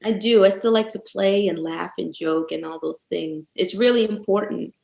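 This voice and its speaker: A woman guest on a casual podcast interview, telling stories lively and laughing often. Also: lowish voice, normal speed, creaky, echoey room, low-quality recording.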